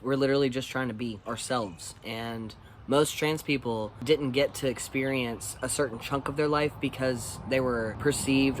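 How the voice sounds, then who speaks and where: A man speaks candidly straight to camera, blunt and unfiltered, with swearing mixed into casual talk. His pitch sits in an ordinary middle range for a man. A faint hum of noise runs under the voice, as if recorded in a vehicle. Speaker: vlogger. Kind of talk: casual vlog monologue.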